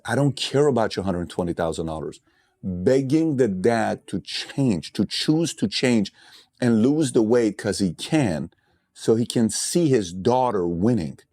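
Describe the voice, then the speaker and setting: A man's voice: medium pitch, a little mellow, dry recording. A man giving a motivational speech, blunt and conversational, telling stories with emphatic, impassioned build-ups. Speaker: motivational speaker.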